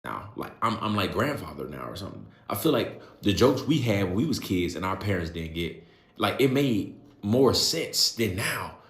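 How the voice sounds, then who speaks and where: A man in his late twenties, a youth coach, telling a story to camera in an animated, exasperated, slangy way. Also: on the low side, normal speed. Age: late 20s. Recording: roomy echo.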